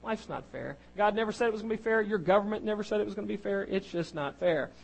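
A man's voice: high voice, quick pace, creaky, low-quality recording. A male pastor preaching a sermon in a conversational, candid way, often putting questions to the congregation. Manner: candid and self-deprecating.

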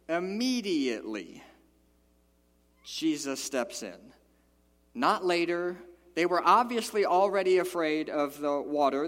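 A man preaching a sermon as a pastor, animated and playful, acting out the quoted lines with big jumps in his voice. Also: on the high side, in a large hall.

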